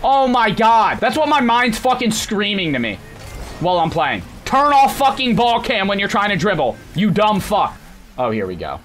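A young man streaming a video game on a headset mic, frustrated and cursing, often breaking into angry shouts. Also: high-pitched, huge pitch swings, normal speed. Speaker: gaming streamer. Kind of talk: live gameplay commentary. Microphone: gaming headset. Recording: game music playing behind the voice. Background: game music.

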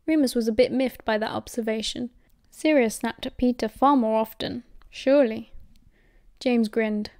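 A woman with a British accent narrating an audiobook in a steady, measured way. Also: on the high side, no room sound, studio quality. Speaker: audiobook reader.

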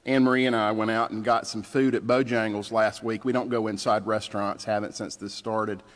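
A pastor with a lowish, level voice preaches briskly, telling stories in a plainspoken, conversational way. It's a church livestream from the sanctuary, with long reverb.

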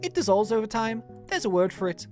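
A woman's voice: sing-song, brisk, dark tone, soft background music. Woman voicing a sing-song old spirit bear with a put-on Irish accent. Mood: fussy, doting. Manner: high, fluttery, sing-song, calls the player dear. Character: elderly female spirit bear, fussy and motherly. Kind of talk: reading game dialogue aloud in a voice.

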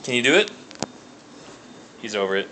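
A man's voice: mid-range voice, sing-song, moderate pace. A father filming his young children at home, coaxing them in a playful, casual way from behind the camera. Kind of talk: casual home video chat. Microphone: camera mic, speaking from behind the camera. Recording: home video with clear background noise.

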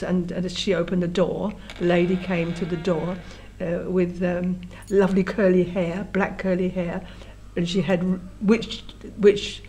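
A woman's voice: on the low side, warm tone, slight background noise. A woman, telling her life story in an oral history interview and often restarting her words as she remembers. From London. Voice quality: frequent restarts and repeated words while remembering.

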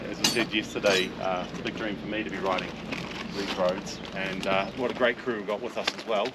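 A man hosting a travel vlog outdoors in a mountain town, speaking in a reflective, softly awed way as he leads a tour. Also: lowish voice, steady tone, fairly quick, heavy background noise. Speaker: tour leader and vlog host. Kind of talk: casual travel vlog narration. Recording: outdoor street crowd behind.

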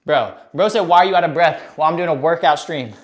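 Breathless high-voiced young man streaming. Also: fairly quick. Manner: hyped, casual bro talk to chat. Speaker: fitness streamer. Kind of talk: live workout stream chat.

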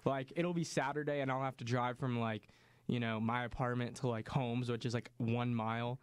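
Young male co-host, relaxed and easygoing, with a smooth clear voice and a dry studio sound. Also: medium pitch, moderate pace, dry recording. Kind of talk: casual chat.

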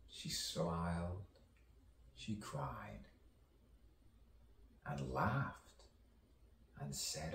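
A man with a very deep, gravelly voice performs a spoken-word soliloquy at a very slow, drawn-out pace. He swings between hushed whispers and sudden dramatic outbursts. He sounds distant from the mic, in an echoey room. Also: sing-song, slight background noise. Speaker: poet and actor.

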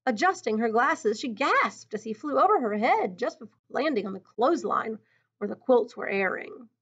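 Expressive woman reading a picture book aloud. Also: a little high, normal speed, slightly rough. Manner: expressive, teacherly, thinks aloud between passages. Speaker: storybook reader. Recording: dull lo-fi recording.

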